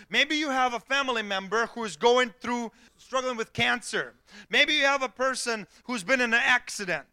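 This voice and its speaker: Bright, high-voiced man preaching in church. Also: moderate pace, clear, resonant tone. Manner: joking, then earnest preaching. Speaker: pastor. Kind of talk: sermon.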